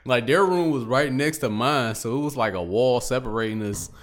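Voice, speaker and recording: A man's voice: mid-range voice, moderate pace. A man in casual chat, telling crude stories with lots of laughter.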